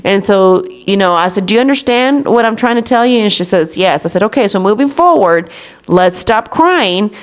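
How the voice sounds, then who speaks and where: Chatty woman podcast host, mid pitch. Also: animated, moderate pace, smooth. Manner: chatty, retells talks with her daughter, says "you know what I'm saying" often. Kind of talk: casual chat.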